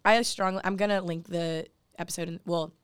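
A woman's voice: on the low side, steady tone, a little fast, clear, resonant tone, dry recording. A young woman co-hosting a casual podcast, talking earnestly with lots of "like" fillers. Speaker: podcast co-host. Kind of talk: casual faith podcast chat.

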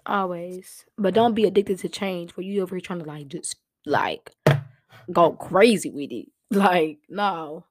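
A woman's voice: fairly low pitch, a little slow, background noise. A young woman hosting her own podcast, giving heartfelt motivational talk in casual, slang-filled speech. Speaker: podcast host.

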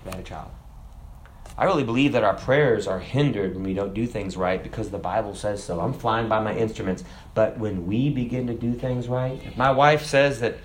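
A man preaching a sermon in an animated, emphatic way. He talks conversationally and keeps asking his listeners questions. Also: medium pitch, a little fast, a little hiss or hum. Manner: animated, emphatic, acts out voices; conversational, asks the audience questions.

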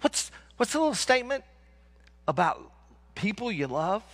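A male pastor preaching a sermon, animated and joking, repeating lines for emphasis. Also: high voice, moderate pace.

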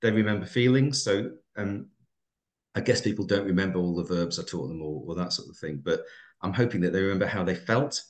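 A man's voice: deep voice, brisk, reverberant. A man, a teacher and podcast co-host, talking in a reflective, rambling way with many fillers. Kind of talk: casual podcast chat.

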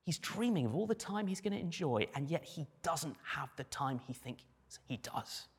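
A man preaching a sermon as pastor, animated, with dry humor and acted quotes. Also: on the high side, moderate pace, slightly rough, long reverb tail.

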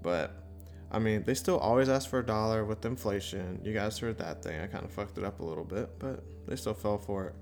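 A man's voice: lowish voice, brisk, a little mellow, roomy sound, faint music behind. A man doing stand-up comedy and recapping his set, profane, rambling and self-deprecating. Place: comedy club stage.

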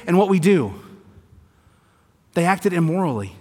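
A man from the American South, preaching a sermon that swings between quiet emphasis and rising intensity, with sarcastic asides. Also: high voice, very animated, normal speed. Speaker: pastor. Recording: long hall reverb.

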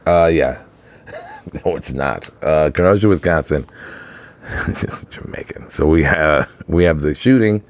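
A man with a rumbling, very low voice hosts a casual podcast. He jokes, swears freely and talks loosely with his co-host. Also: slow, pauses often. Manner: loose, profane, laughing banter. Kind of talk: casual chat.

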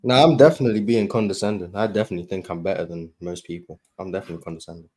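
A man's voice: deep voice, racing, a little mellow. A man on a sports debate panel, talking in a dry, mock-villainous, self-mocking way. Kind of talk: casual debate chat.

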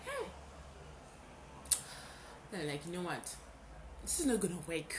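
A young adult woman hosting a podcast, telling a personal story in a casual, animated way and repeating words for emphasis. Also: fairly low pitch, unhurried, noisy background. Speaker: podcast host.

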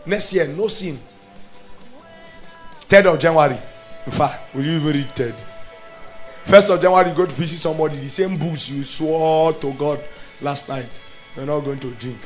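A man preaching a sermon with a fairly high voice. He swings between loud declarations and hushed, acted-out inner thoughts, with soft music playing faintly behind him. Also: moderate pace, long pauses. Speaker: pastor.

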